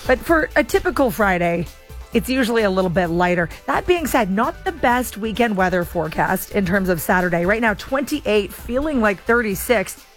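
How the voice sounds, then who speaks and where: A woman's voice: medium pitch, animated, normal speed, soft background music. A woman hosting an afternoon radio show, chatting in an amused, easy way and reading the time and weather. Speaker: radio host. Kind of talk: casual radio chat. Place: radio studio.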